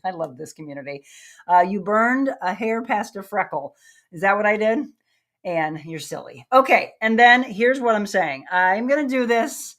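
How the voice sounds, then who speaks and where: A woman's voice: mid-range voice, a bit bright. Upbeat woman hosting a live workout. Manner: chatty, upbeat, laughs often, counts reps aloud. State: out of breath. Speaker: fitness show host. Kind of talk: live-streamed workout chat with viewers.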